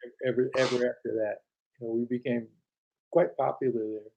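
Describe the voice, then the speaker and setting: A man's voice: mid-range voice, fairly even intonation, brisk, vocal fry, darkish tone, highs cut off, slight background noise. An older man telling anecdotes as an interview guest, acting out quoted dialogue with frequent restarts. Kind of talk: casual storytelling interview.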